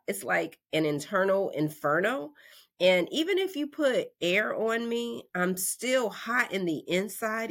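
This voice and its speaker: A woman in her forties from North Carolina, hosting a podcast and telling a story in a lively, conversational way, acting out the voices in her quotes. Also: lowish voice. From North Carolina, USA. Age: 40s. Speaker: podcast host. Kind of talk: casual storytelling monologue.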